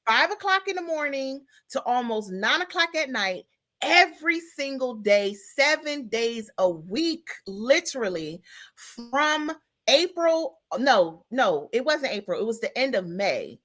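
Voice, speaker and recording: A woman in her forties, a podcast host, chatting casually and telling a story in an animated way, with features, calling out to her listeners as "y'all" and "girl". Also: sits high, a little slow. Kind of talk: casual chat.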